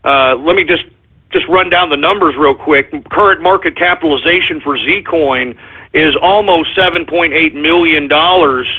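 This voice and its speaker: Male radio host, high husky voice, excitable and flustered, tinny phone-like audio. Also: normal speed. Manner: excitable, flustered, repeats apologies. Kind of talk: call-in radio monologue.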